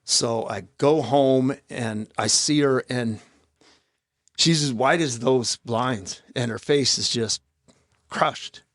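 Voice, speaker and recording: A man in his fifties, a podcast guest, telling his own story in a raw, halting way with blunt profanity. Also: medium pitch, a bit bright, no room sound, studio quality. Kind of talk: candid personal storytelling in an interview. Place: podcast studio. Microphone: studio microphone.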